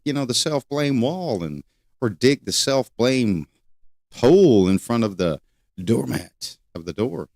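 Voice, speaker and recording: An older man hosting a solo talk show, rambling and repeating questions with many pauses. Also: mid-range voice, expressive, darkish tone, no echo, clean studio sound. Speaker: host.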